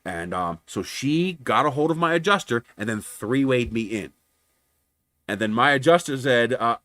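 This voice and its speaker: A man's voice: medium pitch, lively intonation, moderate pace, sharp tone. A man hosting a livestream, casually telling a long story, acting out both sides of phone calls and swearing freely. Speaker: livestream host.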